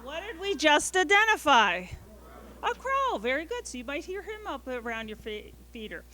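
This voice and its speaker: A woman's voice: high voice, big pitch swings, normal speed, pushed and bright. A woman presenter leading a family class, enthusiastically coaxing the audience to repeat bird calls.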